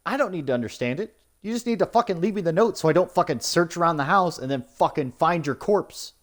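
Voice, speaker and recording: A young man ranting in post-game commentary, swearing often and mocking the story with sarcastic put-on quotes. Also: on the high side. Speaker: gaming YouTuber.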